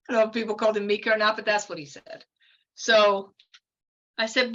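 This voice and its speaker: A woman's voice: on the high side, fairly quick, bright, forceful tone, highs cut off. A woman in her fifties telling a long personal story as a podcast guest, chatty and meandering, full of fillers and asides. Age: 50s. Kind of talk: casual storytelling.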